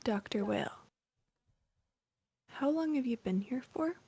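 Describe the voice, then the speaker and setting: Whispered role-play: a woman player asks slow, hushed questions in a husky, gravelly voice that sits away from the mic. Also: a little high, expressive.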